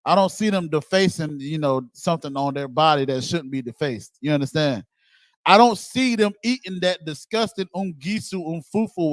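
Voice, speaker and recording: A man giving a blunt, casual preaching talk, animated and swearing freely. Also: high voice, no room sound. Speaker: speaker on a religious group's show.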